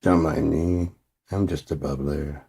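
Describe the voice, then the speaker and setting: A man's voice: very deep voice, steady tone, unhurried, creaky, dark tone, slight background noise. A man vlogging in a rambling, profane, casual monologue, laughing often at his own stories.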